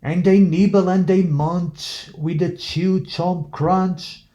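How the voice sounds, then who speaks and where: A man reads a rhyming picture book aloud, very slowly and in a sing-song way. His voice is slightly high yet soft and mellow, and his tone stays steady as each line settles into a gentle rhythm.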